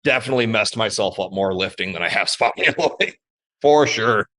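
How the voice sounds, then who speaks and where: A man's voice: fairly low pitch, lively intonation, a little fast, pushed and bright. Man, podcast guest, casual chat, hesitant, rambling.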